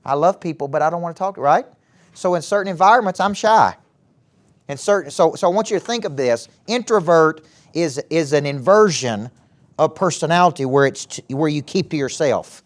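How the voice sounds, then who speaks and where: A middle-aged man with a Southern US accent giving a live motivational talk to young people, animated and often asking the audience questions. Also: a little high, normal speed. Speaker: motivational speaker and former coach. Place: event hall with a live audience.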